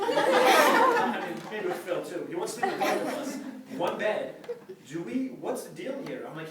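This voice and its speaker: A man's voice: high voice, very animated, a little fast. A man telling a comic story in a casual way, acting out the quotes and laughing through his lines. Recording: echoey room, distant mic, loud noise.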